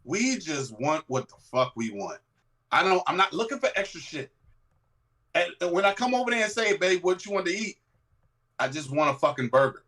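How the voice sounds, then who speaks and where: A man's voice: a little high, sing-song, fairly bright tone. A man on a podcast, chatting bluntly with plenty of profanity. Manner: blunt, profane, quick asides. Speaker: podcast co-host. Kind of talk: casual chat.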